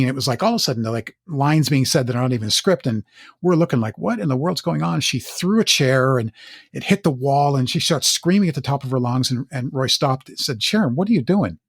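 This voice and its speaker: A husky middle-aged man talks at an average pitch and tells candid stories in an earnest way. He often stumbles over and repeats words. The sound is dry and close, with no room echo. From Northern California. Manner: earnest, halting, with frequent word repeats and restarts. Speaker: actor and podcast guest. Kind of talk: candid storytelling interview.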